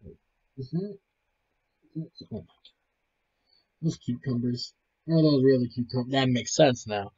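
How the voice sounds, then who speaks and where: A man's voice: mid-range voice, moderate pace, long pauses, slightly rough, no echo. Tired, swearing man, dull dry audio. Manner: profane, rambling, laughs a lot. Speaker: video host reacting to photos. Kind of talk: casual reaction commentary.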